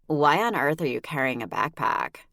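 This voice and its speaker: Brief: woman doing teasing gossipy girlfriend, sing-song, low dry voice. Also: lively intonation, normal speed, fairly bright tone, dry recording. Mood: blunt.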